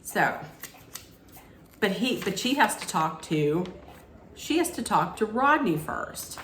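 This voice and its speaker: A woman's voice: mid-range voice, slow. A woman casually recapping a reality TV episode. She often restarts her sentences and acts out what people said. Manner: chatty, with frequent restarts and lively acted-out quotes. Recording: echoey room with faint background noise.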